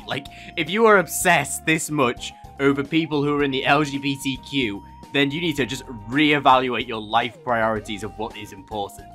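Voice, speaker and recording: A man's voice: mid-range voice, moderate pace, hardly any pauses, sharp tone, soft background music. A young man doing comedic reaction commentary, sarcastic and laughing often, breaking into mocking voices. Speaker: YouTuber reacting to posts.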